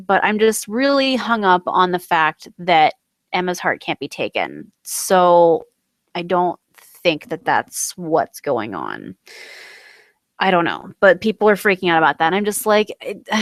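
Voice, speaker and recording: A young woman from the United States, recapping a TV episode in a rambling, excitable way full of fillers and self-corrections. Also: lowish voice, dry recording. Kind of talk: casual chat.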